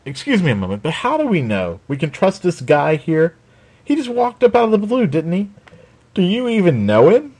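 A man's voice: high-pitched, wildly swooping pitch, moderate pace, darkish tone, breathy edge, pitched above the performer's own voice, exaggerated voice. A man doing a sneering tough woman scout. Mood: suspicious. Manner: sneering, challenging.

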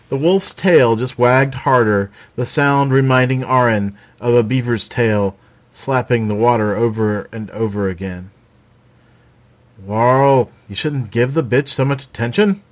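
Man narrating a fantasy story. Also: mid-range voice.

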